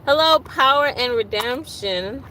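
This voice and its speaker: A woman's voice: sits high, expressive, unhurried, pushed and bright, a little hiss or hum, low-quality recording. A woman hosting a casual livestream, chatting and venting while greeting viewers by name. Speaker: livestream host.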